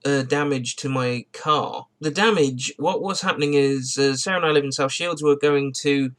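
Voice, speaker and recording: A man's voice: medium pitch, normal speed, fairly bright tone. A man who has just got out of bed, telling a rambling, digressive story to camera in a car vlog and often correcting himself. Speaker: car vlogger.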